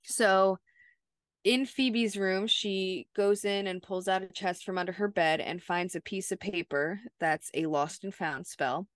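A woman's voice: medium pitch, fairly even intonation, a little slow, no room sound, clean studio sound. A woman co-hosting a podcast, recapping a TV episode in a chatty, casual way with lots of "like". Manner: chatty, peppers speech with "like". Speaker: podcast co-host.

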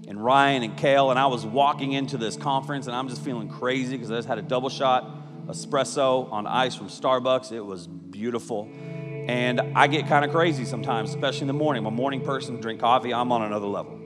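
A man preaching a sermon as a youth pastor, energetic and jokey, mixing scripture with personal stories. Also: medium pitch. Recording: reverberant hall with music behind.

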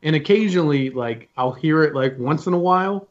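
A man's voice: a little high, a little fast. A man in a casual chat, making dry, joking asides. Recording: dull lo-fi sound.

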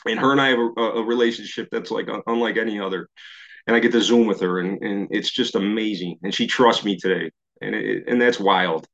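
Over slightly dull video-call audio, a recovery meeting speaker from New York, middle-aged, recounts his journey, voicing his former thinking and laughing at himself along the way. He talks a little fast in a lowish, fairly bright voice with vocal fry and fairly even intonation.

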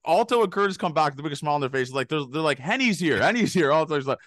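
A man's voice: fairly high pitch, fairly bright tone, dry recording, studio quality. A young man telling a rambling, laughing story on a casual podcast. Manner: rapid rambling anecdotes, laughing, swearing. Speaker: podcast co-host.

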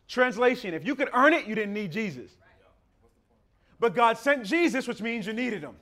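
A man preaching with a high voice that swings widely in pitch. He talks to his congregation in a conversational, emphatic way and calls them beloved. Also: sing-song, normal speed, pushed and bright. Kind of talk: sermon.

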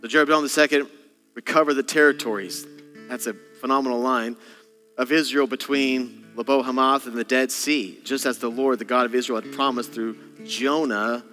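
In a church auditorium with long hall reverb, a male senior pastor preaches a dramatic sermon while soft guitar plays faintly behind him. His medium-pitched voice moves at normal speed with fairly even intonation, though he acts out voices in sudden bursts.

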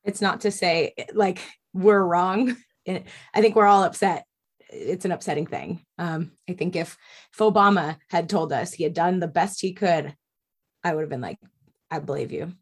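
A woman co-hosting a podcast discussion, reflective and conciliatory, with soft laughs. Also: on the low side, moderate pace, slightly rough. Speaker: podcast co-host. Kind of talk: casual discussion.

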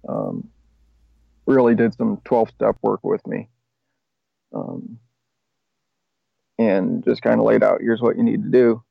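A man's voice: on the low side, lively intonation, takes it slowly, long pauses, dry recording. A man guest on a podcast, candidly telling his recovery story in a rambling, casual way with swearing and self-mocking laughs. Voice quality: gravelly. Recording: dry, slightly dull podcast audio.

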